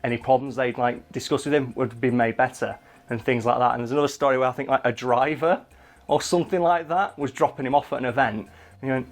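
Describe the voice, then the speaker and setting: A man's voice: mid-range voice, fairly even intonation, quick pace. Rambling man telling stories. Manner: rambling, full of "like" fillers. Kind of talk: casual storytelling chat.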